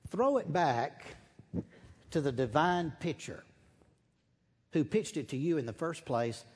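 A man preaching a sermon, telling a story slowly and dramatically, dropping at times to a hushed whisper. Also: fairly high pitch, breathy edge, long reverb tail.

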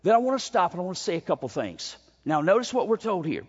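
A man's voice: high voice, sing-song, fast, slightly rough. A man preaching an expository sermon, emphatic, with frequent stumbling repeated starts. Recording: dull sound in a long-reverb hall.

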